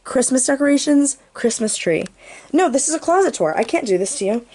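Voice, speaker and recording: A woman's voice: sits high, big pitch swings, fairly quick, darkish tone. A young woman giving a goofy, playful tour of her bedroom for her channel, tossing in jokey asides. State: out of breath. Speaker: vlogger. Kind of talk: casual room tour.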